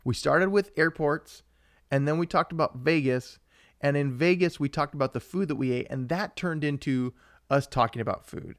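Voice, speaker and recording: A young man co-hosting a live-streamed podcast, chatting casually in a rambling, excitable way while he answers viewers. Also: on the high side, normal speed, dry recording, studio quality. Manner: rambling and excitable, with frequent restarts and asides to viewers. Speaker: podcast co-host.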